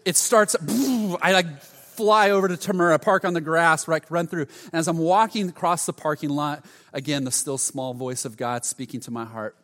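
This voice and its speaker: A middle-aged male pastor preaching a sermon, telling stories with sudden loud outbursts. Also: a little high, steady tone, moderate pace. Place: church sanctuary. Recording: long hall reverb.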